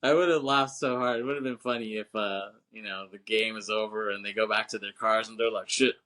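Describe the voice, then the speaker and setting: A man co-hosting a podcast, casually recapping a film scene by scene, rambling with lots of fillers, laughing often and acting out quotes in a louder, higher voice. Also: steady tone, fairly quick. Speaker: podcast co-host. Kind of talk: casual movie recap chat.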